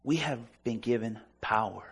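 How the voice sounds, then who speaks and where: A male pastor preaching with fervent, emphatic conviction and weaving personal stories into his message. His voice is gravelly and crackly at mid pitch, and it punches out phrase after phrase. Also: normal speed. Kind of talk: sermon.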